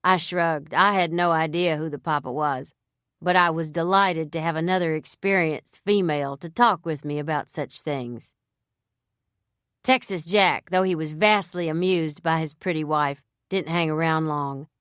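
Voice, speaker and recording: A woman narrating a novel in the first person with a measured, even storytelling manner. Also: sits low, clear, resonant tone, no room sound, clean studio sound. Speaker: audiobook narrator.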